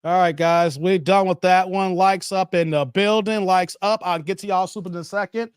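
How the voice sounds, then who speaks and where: Man hosting a lively live stream. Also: high voice, moderate pace, clean tone, dry recording, studio quality. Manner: animated, laughs often, reads viewer messages aloud. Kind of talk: casual live stream reaction chat.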